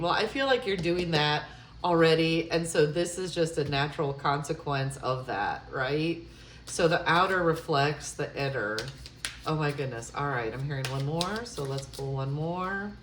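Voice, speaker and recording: A woman's voice: low voice, moderate pace, echoey room, slight background noise. A woman giving a tarot love reading, musing aloud with hesitant fillers and breaking into gushing, effusive exclamations. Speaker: tarot reader.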